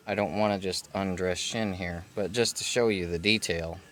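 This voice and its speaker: A man hosting a casual unboxing video, talking in a relaxed, rambling way with many fillers and self-corrections. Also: low voice, normal speed. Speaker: vlog host unboxing a collectible figure. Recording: steady background noise.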